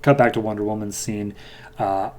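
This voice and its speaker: A man's voice: lowish voice, fairly even intonation, moderate pace. A man hosting a podcast, recapping a comic book in a loose, chatty way with fillers. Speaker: podcast host.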